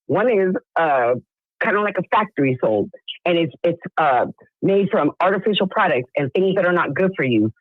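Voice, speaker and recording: A woman's voice: lowish voice, lively intonation, normal speed, no room sound. A woman calling in to argue with the host. She is insistent and keeps cutting in to make her point. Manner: argumentative, insistent, cuts in. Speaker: caller. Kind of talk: heated phone-in debate. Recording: tinny phone line.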